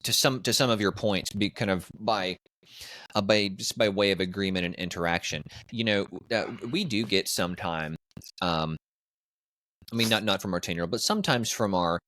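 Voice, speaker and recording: A man co-hosting a casual reaction discussion, speaking in a measured way with frequent halting restarts. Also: low-pitched, a bit bright, no room sound. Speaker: podcast co-host, parent.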